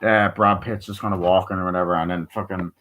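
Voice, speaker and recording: A man's voice: sits low, little pitch movement, fast talker, fairly bright tone, low-quality recording. A man giving a casual spoken film review. He rambles, swears freely and drifts onto tangents. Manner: rambling, profane, tangent-prone, filler-heavy. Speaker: movie reviewer.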